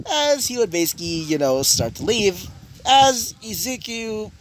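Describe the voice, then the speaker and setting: A man's voice: a little high, sing-song, fairly quick. A man improvising a fan story aloud, rambling with many fillers and restarts. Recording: noisy home recording.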